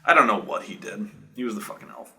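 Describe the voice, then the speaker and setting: A man's voice: mid-range voice, lively intonation, fast, sharp tone. A man recounting a tabletop game session as game master, rambling and profane, with restarts and acted-out quotes from the players. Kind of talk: casual profane storytelling.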